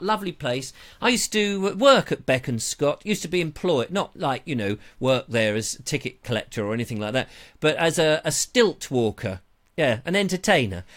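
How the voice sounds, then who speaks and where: A middle-aged man from England chats casually as host of his live online show. His voice sits a little higher than most men's. He rambles, jokes and mocks himself as he reads the chat. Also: fairly bright tone. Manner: rambling, jokey, self-mocking, slips into silly voices.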